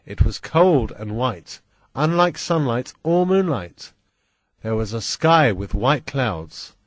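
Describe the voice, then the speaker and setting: A man reading a first-person adventure story aloud in a slow, deliberate, plain manner. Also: mid-range voice, animated, no echo. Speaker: audiobook reader.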